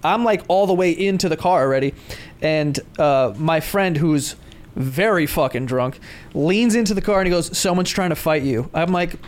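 A man's voice: a little high, normal speed. A man, co-hosting a podcast and telling a story in casual, swearing chat, acting out the voices of the people in it. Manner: animated, swearing, acts out voices in his stories. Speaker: podcast co-host.

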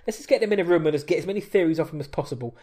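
A high-voiced man co-hosts a podcast with upbeat, chatty energy. He reads listener messages and riffs on them in a casual, friendly way. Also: rapid-fire. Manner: energetic, banter-filled, reading listener messages. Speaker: podcast co-host.

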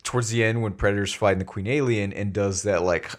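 A man's voice: fairly low pitch, fairly even intonation, quick pace. A man co-hosting a podcast in casual chat, laid-back and rambling with lots of fillers. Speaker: podcast co-host.

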